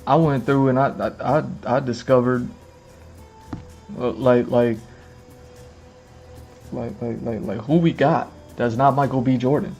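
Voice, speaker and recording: A man's voice: medium pitch, fairly even intonation, measured pace, long pauses, a little mellow, faint music behind. A man chatting casually on a livestream to his camera, rambling, repeating phrases and filling gaps with "you know what I mean". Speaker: streamer. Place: indoors in front of a camera with lights.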